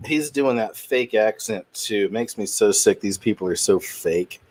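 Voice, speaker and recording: A man's voice: on the low side, moderate pace, heavy background noise. A man hosting his own channel, talking in a rambling, indignant commentary with trailing restarts. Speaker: channel host. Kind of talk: casual commentary monologue.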